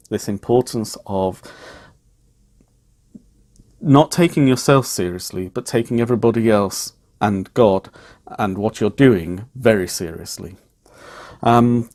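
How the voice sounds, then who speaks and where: A middle-aged man, speaking in a measured, reflective way as he vlogs, with frequent ums. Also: lowish voice, darkish tone. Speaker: vlogger. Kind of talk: reflective personal vlog talk.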